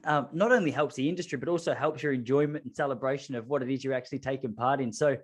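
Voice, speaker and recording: A man's voice: medium pitch, fast, slightly rough. A man hosting a podcast, talking in casual chat, earnest and reflective. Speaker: podcast host.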